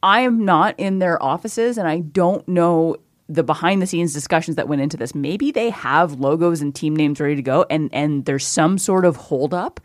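A woman's voice: deep voice, normal speed, dry recording. A woman guesting on a podcast in a studio, blunt and opinionated, swearing freely in casual chat. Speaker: guest co-host.

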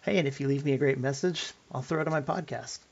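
A man's voice: medium pitch, quick pace, creaky, dull audio. A man in his thirties hosting a personal podcast, telling stories earnestly with light self-deprecating humor. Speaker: podcast host.

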